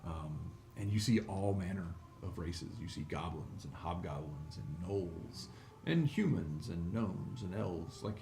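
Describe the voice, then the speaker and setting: A man's voice: sits low, expressive, unhurried, creaky, warm tone. A man narrating a tabletop game as game master, rambling with many fillers. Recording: echoey room, some noise.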